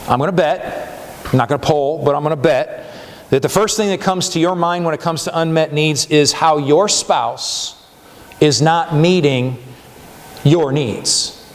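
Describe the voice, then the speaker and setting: A man's voice: a little high, measured pace, a little hiss or hum. A male pastor giving a sermon in a conversational way, often checking in with "right?" as he talks. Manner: conversational preaching with frequent "right?" tags and restarts. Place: church sanctuary. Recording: church hall with long reverb.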